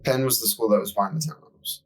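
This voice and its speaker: A man's voice: lowish voice, brisk, low-quality recording. A young man telling a profane, exasperated story in casual podcast chat as co-host.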